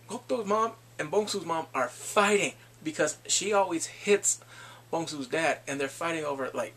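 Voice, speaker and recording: A man recapping episodes of a TV drama in a casual vlog, animated and quick to act out scenes with squeals and laughs. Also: fairly high pitch, a little hiss or hum. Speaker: drama reviewer.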